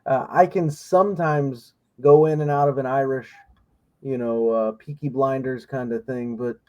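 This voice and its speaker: A man who is a comedian, talking as a guest in a relaxed interview, easygoing and hesitant with fillers. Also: mid-range voice, normal speed. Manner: laid-back, hesitant with fillers. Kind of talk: casual interview chat. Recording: dull lo-fi sound.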